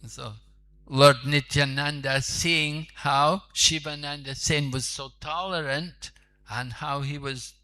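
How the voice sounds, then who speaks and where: A man's voice: fairly high pitch, steady tone, slow pace, bright, forceful tone. A man, a monk preacher, telling a sacred story in a conversational sermon with asides.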